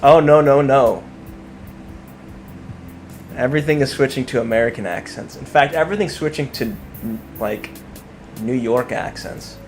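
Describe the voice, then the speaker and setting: A man's voice: mid-range voice, lively intonation, a little slow, pauses often. Man, casual stream chat, painting while talking, joking, rambling, faint background music. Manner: joking, rambling, thinking aloud as he works.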